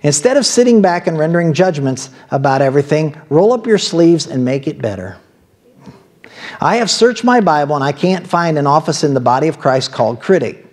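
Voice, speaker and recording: Male pastor with an Ohio accent, slightly high voice, chatty sermon delivery with asides. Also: animated, fairly quick, darkish tone. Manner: conversational preaching with asides and laughs.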